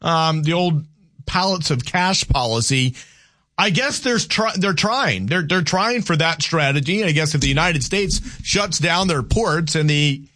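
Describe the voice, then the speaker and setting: Male talk radio host, opinionated, conversational, high voice. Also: lively intonation, measured pace, bright, forceful tone. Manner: opinionated, conversational, reads texts aloud.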